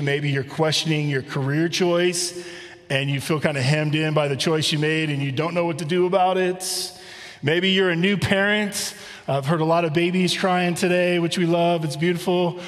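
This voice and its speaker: A middle-aged man delivers a sermon in a relaxed, conversational way, slowing down to read scripture aloud. His voice sits a little high for a man. It rings out in a church with a long echo. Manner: conversational preaching, rhetorical questions, reads scripture slowly. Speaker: pastor. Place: church sanctuary.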